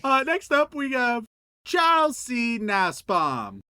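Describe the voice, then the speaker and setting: Brief: male podcast co-host, animated pitch, bright voice, giggly and excitable. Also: slow, clear, resonant tone, dry recording, clean studio sound. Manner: excitable, laughs a lot, swears. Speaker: podcast co-host reading listener prompts. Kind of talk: casual chat.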